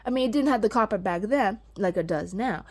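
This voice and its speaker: A woman talking casually about her plants in a vlog, gushing and excitable, with a chatty, rambling manner. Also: mid-range voice, fairly quick. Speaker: vlogger.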